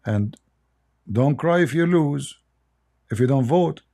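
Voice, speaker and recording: A man's voice: a little high, animated, slow pace, vocal fry, warm tone. A middle-aged man with an Arabic accent hosting a livestream, blunt, mocking and emphatic in his commentary. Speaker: livestream host.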